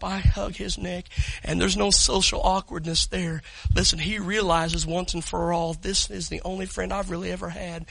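A man preaching a sermon, telling stories in a hush and then shouting with excitement while calling people up front. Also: high voice, vocal fry, husky, no echo, poor audio. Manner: swings from hushed storytelling to loud excited shouting; talks directly to the congregation, calls people up.

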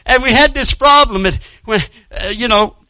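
A man's voice: very high voice, moderate pace, pushed and bright, no echo. A male pastor preaching a sermon and telling a personal story in a folksy way, calling out to his congregation and chuckling between lines.

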